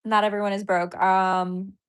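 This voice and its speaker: This woman's mid-range voice is smooth and flat, moving at a moderate pace as she chats casually on a livestream in response to donations. A comedian and podcaster, she's giddy and apologetic, laughing frequently and gushing thanks to viewers.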